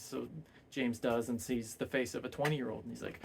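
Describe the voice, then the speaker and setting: A man's voice: medium pitch, level tone, fairly quick, gravelly, background noise. A man casually retelling a novel's plot as a book reviewer, rambling and full of hesitant fillers.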